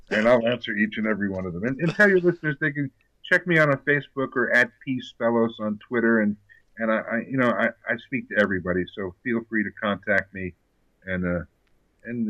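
An older man, an actor guest, chatting in an interview with many restarts and a steady "you know". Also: mid-range voice, no echo, rough recording. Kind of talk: casual interview chat.

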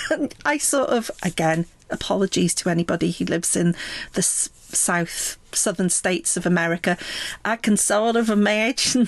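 A woman chats her way through a favourite album in a relaxed, rambling spoken review. She speaks slowly and takes her time with each thought. The sound is close and dry, with no room echo. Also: mid-range voice. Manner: relaxed and chatty, with frequent ums and laughs. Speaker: music reviewer.

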